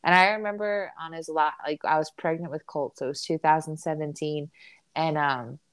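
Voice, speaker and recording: A woman's voice: deep voice, fairly even intonation, moderate pace, clean tone, no echo. A young woman co-hosting a casual chat, telling personal stories candidly and laughing through the emotional parts. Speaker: podcast co-host.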